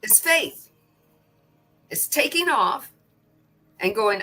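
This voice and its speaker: A woman's voice: mid-range voice, sing-song, slow, long pauses, sharp tone. A woman co-hosting a spiritual study livestream, speaking expressively, repeating words and acting out quotes as she talks. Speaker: co-host. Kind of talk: casual spiritual chat.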